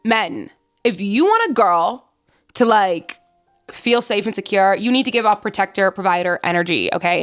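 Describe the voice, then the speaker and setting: A young woman reviewing a book in a casual vlog, chatty and rambling, gushing with excitement and breaking into squeals. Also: mid-range voice, normal speed, soft background music. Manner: chatty, rambling, full of fillers.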